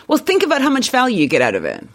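A woman's voice: high-pitched, wildly swooping pitch, racing. A woman co-hosting a podcast, cheerful and teasing, reading an ad and chatting. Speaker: podcast co-host. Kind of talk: casual chat.

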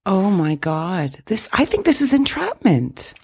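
A woman co-hosting a podcast, reacting with quick interjections in casual chat. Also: medium pitch, wildly swooping pitch, vocal fry, darkish tone, slightly rough. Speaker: podcast co-host.

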